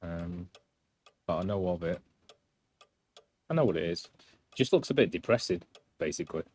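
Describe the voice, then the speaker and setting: A man's voice: deep voice, animated, moderate pace, a little mellow, husky. A man doing casual gameplay commentary on a live stream, rambling and self-deprecating as he chats.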